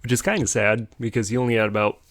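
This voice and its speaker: A man's voice: medium pitch, steady tone, fast talker, fairly bright tone, no room sound, studio quality. A young man casually telling a rambling story on a podcast, chuckling as he goes. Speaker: podcast host.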